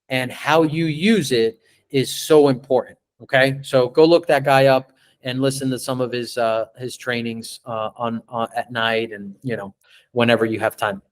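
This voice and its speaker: A man hosts a live sales training on a video call, playing out pitches to a client in an animated way. He tends to stretch words and say them again.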